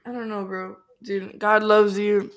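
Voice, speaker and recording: Young woman with a congested voice, excitable podcast co-host, earnest and slangy. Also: mid-range voice, a little slow. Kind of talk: casual faith podcast chat.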